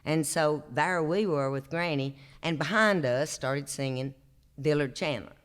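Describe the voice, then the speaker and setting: A man's voice: on the high side, a little slow, a bit bright, clean tone. Folksy Appalachian man in his sixties. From Appalachian North Carolina. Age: 60s. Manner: drawling, homespun, chuckles through his stories. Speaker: traditional singer and storyteller. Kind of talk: folksy storytelling on stage. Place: opera house stage, live show.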